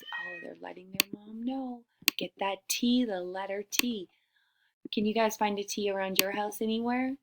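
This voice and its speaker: A woman teacher leading a reading lesson for young children, stretching her words clearly and often dropping to a whisper. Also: medium pitch, background noise. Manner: slow, drawn-out, over-enunciated words.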